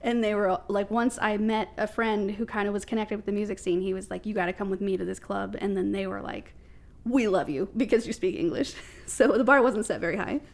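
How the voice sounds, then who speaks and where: A woman's voice: medium pitch, brisk. Chatty Midwestern American woman storyteller. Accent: American Midwest (Ohio). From Ohio, USA. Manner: chatty storyteller who laughs often. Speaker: podcast guest, drummer. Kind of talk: casual chat.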